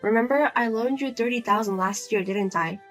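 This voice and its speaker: A woman playing a fed-up grown daughter who speaks flatly and firmly to her pushy mother in a narrated drama. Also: a little high, moderate pace, faint music behind, lightly acted. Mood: accusing. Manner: flat, firm, cold and blunt. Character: Lizzie, grown daughter, cool, blunt, fed up.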